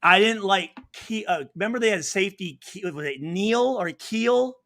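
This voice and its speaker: A man's voice: high voice, moderate pace, sharp tone. A man in his forties, a former football safety, telling rambling, profane stories in a casual interview and acting out what others said. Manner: profane, rambling, acts out quotes.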